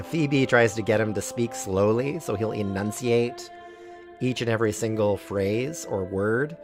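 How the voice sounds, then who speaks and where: A man streaming a game, reading its text aloud and commenting with playful laughter. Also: fairly low pitch. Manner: animated, laughing often, playful. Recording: music playing behind the voice.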